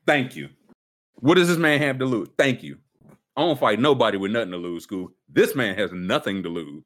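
A man with a fairly low voice that swings widely in pitch, chatting on a livestream. His delivery is animated and playful, full of teasing banter. It sounds like relaxed talk between friends. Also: moderate pace. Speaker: streamer. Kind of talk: casual livestream chat.

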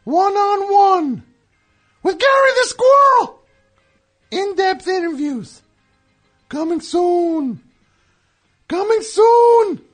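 A man's voice: extremely high pitch, expressive, takes it slowly, long pauses, fairly bright tone, soft background music, heavily acted. A man voicing a hacky, touchy male squirrel comic who tells corny jokes and grumbles, in a studio comedy bit. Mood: wisecracking. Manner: corny joke-telling, self-pitying grumbling. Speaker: recurring comedy character. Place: radio studio.

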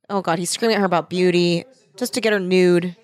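A woman chatting casually while watching a show, sarcastic and quick to laugh. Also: fairly low pitch. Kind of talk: casual reaction chat.

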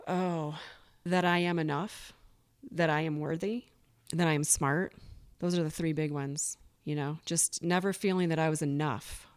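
A woman talks candidly as a podcast guest in a voice pitched a little low. She speaks earnestly and openly, now and then slipping into quick quoted asides from her own past. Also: fairly even intonation, clean tone. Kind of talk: candid recovery interview.

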